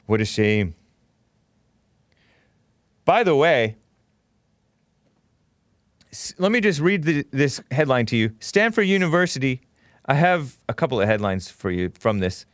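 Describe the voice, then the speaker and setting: A man's voice: medium pitch, very animated, unhurried, pauses often, no room sound, clean studio sound. A man hosting a call-in talk show, arguing with and interrupting callers.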